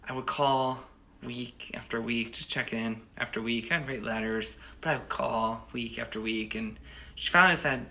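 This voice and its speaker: Casual storyteller, man, 30s, American, bright gravelly voice, rambles warmly through anecdotes. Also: mid-range voice, a little slow. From United States. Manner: rambling, with frequent restarts and "you know". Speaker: storyteller and host.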